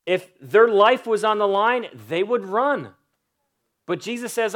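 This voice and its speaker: A man preaching a sermon, his voice sitting a little high for a man. He takes his time, leaning hard on key phrases and stretching them out slowly. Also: expressive, a bit bright. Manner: emphatic preaching with drawn-out slow phrases for emphasis. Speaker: pastor.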